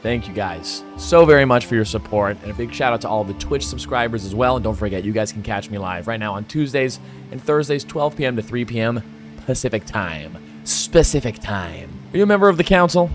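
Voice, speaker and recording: A man's voice: lowish voice, a little fast, soft background music. A young adult man chatting casually to viewers while playing a game, laid-back and talkative. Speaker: gaming channel host. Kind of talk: casual gameplay commentary.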